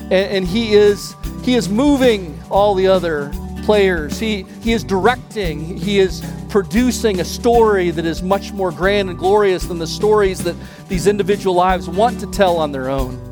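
A pastor preaching a sermon, telling a parable in an animated way and often repeating his words. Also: high voice, normal speed, in a large hall, over music.

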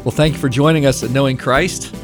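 A man's voice: mid-range voice, fairly even intonation, quick pace, over music. A male Bible teacher introducing the day's message in an earnest pastoral tone. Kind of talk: studio intro to a sermon.

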